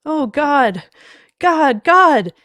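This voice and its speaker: A woman's voice: medium pitch, slow, creaky, a little mellow, slightly rough, exaggerated voice. A woman reading a story aloud, voicing a terrified young husband who pleads and then screams in panic. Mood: screaming.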